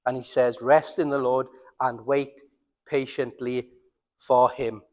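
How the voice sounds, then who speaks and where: A man with a Welsh accent preaching a sermon as pastor, earnest, slowing down and dropping his voice for emphasis. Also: medium pitch, fairly even intonation, long reverb tail. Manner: earnest, slows down and drops to near silence for emphasis. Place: church.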